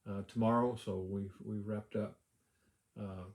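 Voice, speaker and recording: Male pastor, low and warm, easy conversational Bible teaching full of "uh"s, roomy echo. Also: fairly even intonation, unhurried. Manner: conversational, with frequent "uh" fillers and restarts. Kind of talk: casual devotional Bible teaching.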